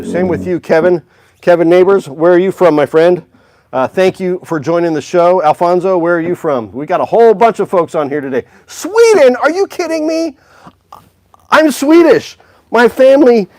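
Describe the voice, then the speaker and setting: Male livestream host, fairly high voice, upbeat and chatty, dry close sound. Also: darkish tone, no echo. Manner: upbeat, chatty, talks to viewers by name. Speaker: music store livestream host. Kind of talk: casual livestream chat. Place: indoor music store.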